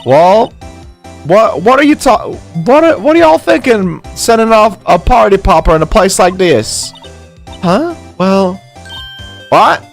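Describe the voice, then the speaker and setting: A guy putting on a sassy southern lady camper in a video game, big exaggerated drawl, scolds everybody, voice pitched up high and swinging all over. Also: expressive, takes it slowly, creaky, faint music behind, heavily acted. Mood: scolding. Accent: exaggerated American Southern drawl. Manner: indignant, scolding. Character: feisty middle-aged Southern woman, camper.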